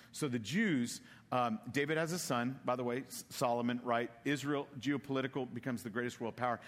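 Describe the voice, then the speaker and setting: A Texan man with a medium-pitched voice preaches a casual sermon, telling stories with animated energy and acting out the characters in funny voices. A long reverb tail trails his words.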